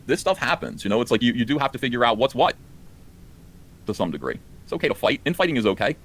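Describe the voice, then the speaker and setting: A man's voice: mid-range voice, sing-song, quick pace, fairly bright tone. A man reacting to clips on a live stream, exasperated and ranting, his voice climbing when indignant. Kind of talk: heated live stream commentary.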